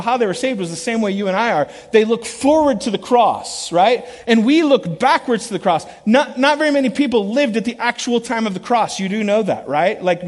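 A middle-aged man preaching a sermon as a pastor, telling stories with animated swings from loud shouts to quiet, intense moments. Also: very high voice. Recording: long reverb of a large hall.

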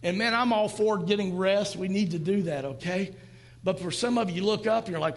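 A man's voice: high voice, a little fast, in a large hall. A man in his fifties preaching a sermon to a church congregation, talking in a conversational way and acting out quoted lines. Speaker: pastor. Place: church sanctuary.

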